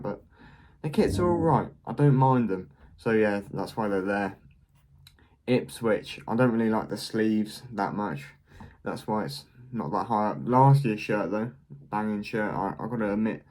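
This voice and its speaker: A young man hosting a casual vlog, tossing out quick, blunt verdicts with a dry, jokey edge. His voice sits a little low for a man. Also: a little mellow. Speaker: football kit reviewer, channel host. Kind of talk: casual vlog ranking commentary.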